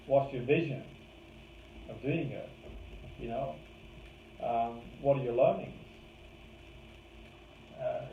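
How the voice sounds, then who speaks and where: A man's voice: mid-range voice, gravelly. A man teaching a live course in a conversational way, leaning on key words to make his points. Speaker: course trainer. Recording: roomy, distant, phone-like lo-fi with faint hiss.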